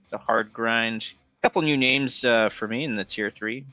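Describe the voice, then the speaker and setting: A man's voice: mid-range voice, normal speed, bright, forceful tone, no room sound, dull audio, soft background music. A man co-hosting a game league stream, joking and reading out comments from the chat. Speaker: co-host.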